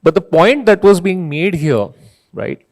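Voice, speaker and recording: Middle-aged guy on a keynote stage, voice on the higher side, chatty, keeps asking "right?". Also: big pitch swings, unhurried, darkish tone. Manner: conversational, often adds "right?" to statements. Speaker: keynote speaker. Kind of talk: conference keynote. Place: conference hall stage.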